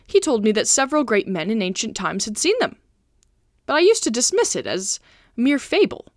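A wide-eyed young man, earnest and easily shocked, his voice swooping up high in disbelief, as a woman reads him. The sound is dry and close. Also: big pitch swings, moderate pace, no room sound. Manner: exclaiming, earnest, bewildered. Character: young male traveler, naive and easily shocked.

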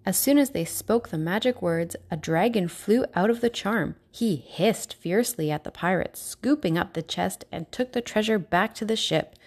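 Woman reading a kids' storybook out loud, clear and expressive. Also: mid-range voice, normal speed, hardly any pauses. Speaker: narrator. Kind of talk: children's storybook read-aloud.

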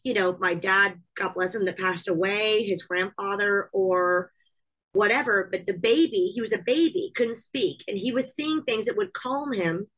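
A woman's voice: medium pitch, fairly bright tone, poor audio. A woman hosts a podcast in a casual, chatty voice. She talks emphatically and restarts and repeats her words as she works through a thought. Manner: emphatic, repeats herself while thinking aloud. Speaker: podcast host. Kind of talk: casual chat.

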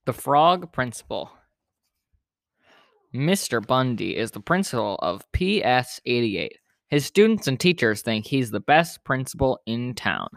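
A man's voice: mid-range voice, unhurried, vocal fry, no echo. Guy reading a kids picture book on his podcast, chill and informal, dry close mic. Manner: relaxed, informal, with small self-corrections. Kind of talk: storybook read-aloud narration.

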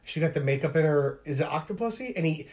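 A man's voice: a little high, expressive, quick pace, darkish tone. A man co-hosting a casual film podcast, asking questions and adding bits of trivia. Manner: asks questions, adds trivia. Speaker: podcast co-host. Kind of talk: casual chat.

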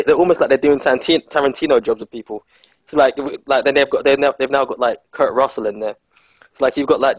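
A man's voice: medium pitch, no room sound. A man in casual film chat, rambling and joking with lots of fillers.

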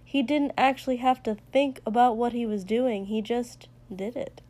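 A woman narrating a story aloud in a steady, even reading voice. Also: a little high, moderate pace. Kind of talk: reading fan fiction aloud.

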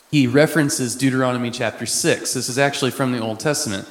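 A man from Texas, a missionary, preaching a sermon in a conversational way with quick asides. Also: mid-range voice. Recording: echoey hall with long reverb.

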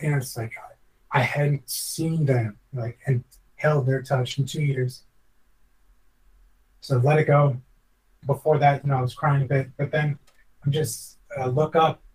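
A man's voice: mid-range voice, distant mic, low-quality recording. Reflective man telling a personal story. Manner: rambling, reflective, earnest, restarts often. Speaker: podcast guest, former chef.

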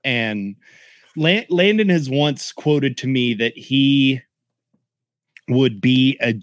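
A man's voice: mid-range voice, slow pace, no room sound. A man from Oklahoma co-hosting a podcast, chatty and joking in casual talk. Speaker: podcast co-host. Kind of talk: casual chat.

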